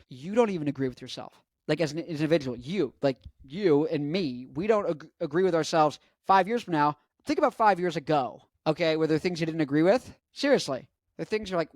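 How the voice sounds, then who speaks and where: A man in his twenties, a rock musician vlogging, talking casually with frequent restarts and excited jumps in energy. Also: dry recording. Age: 20s. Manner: chatty, animated, swings up to excited highs and back; frequent restarts and repeated phrases. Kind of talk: casual rambling monologue.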